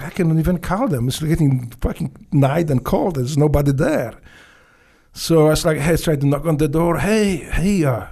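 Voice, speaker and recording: A man from Poland with a Polish accent, a former Navy SEAL, telling stories bluntly and profanely in halting, broken English with many restarts. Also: fairly high pitch, vocal fry, mellow. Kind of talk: casual storytelling interview.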